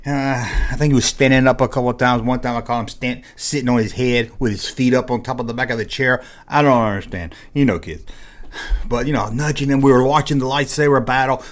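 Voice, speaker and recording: A man's voice: mid-range voice, steady tone, fairly quick. A man hosting his own video, telling a story casually and acting out scenes with sound effects. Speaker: vlog host.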